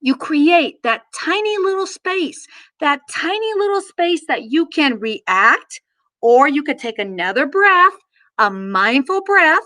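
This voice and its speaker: Middle-aged woman w a high voice, gentle mindfulness teacher walking kids thru breaths. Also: big pitch swings, slow pace. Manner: gentle, instructive, guiding listeners through gestures and breaths. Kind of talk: guided mindfulness lesson for children.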